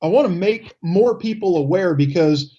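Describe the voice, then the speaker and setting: A man's voice: high-pitched, animated, moderate pace, warm tone, breathy edge, lo-fi sound. A man of about fifty hosting a radio talk show in a casual, easygoing way, rambling a little and dropping offhand asides.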